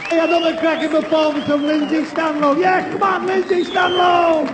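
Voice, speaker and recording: An actor playing a loud, brash club compere hyping the crowd. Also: male voice, very high-pitched, flat delivery, moderate pace. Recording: echoey noisy club crowd.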